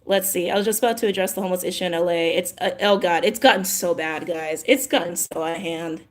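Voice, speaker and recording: A woman's voice: on the low side, fast. A woman from California talks casually to her viewers in a loose live-stream chat. She slides into heated rants, swears freely and breaks into laughter often. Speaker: tarot channel host.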